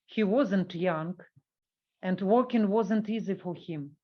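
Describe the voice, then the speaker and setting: A woman giving a workshop talk, reading an academic paper from a script and halting with fillers when she speaks off the cuff. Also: mid-range voice, dull audio.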